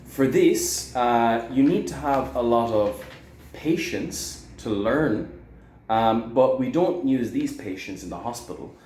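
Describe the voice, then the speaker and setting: A young man giving a video English lesson, explaining slowly, stressing words and often checking with "okay?". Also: mid-range voice, animated, a little mellow, slight background noise. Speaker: English teacher. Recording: echoey room.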